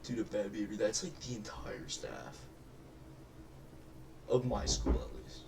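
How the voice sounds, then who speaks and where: A sick man rambles through a joking reaction commentary, trailing off and circling back to his point. His voice sits a little away from the mic, and a steady rumble runs beneath it. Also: a little slow. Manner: rambling, trails off and restarts mid-thought. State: sick, voice affected by illness. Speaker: reaction video host. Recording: distant mic with clear rumbling noise.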